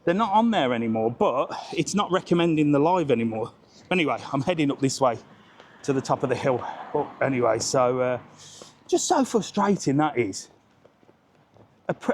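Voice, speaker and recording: A man's voice: a little high, slight background noise. A man hosting a casual live-stream walking tour along a seaside resort street, bantering cheekily with passers-by. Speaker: travel vlogger, live-stream host.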